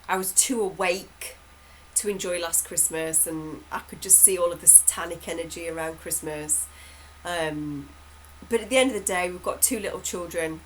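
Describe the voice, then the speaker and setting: A woman's voice: fairly low pitch, a little hiss or hum, poor audio. A woman, telling a rambling family anecdote in a chatty way, often laughing. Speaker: hypnotherapist host. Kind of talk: casual storytelling update.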